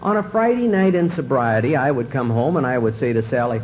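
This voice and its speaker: Middle-aged man, earnest testimony speaker, acts out dialogue; muffled old recording with faint rumble. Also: lively intonation, brisk. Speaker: recovery speaker. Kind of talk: personal testimony talk.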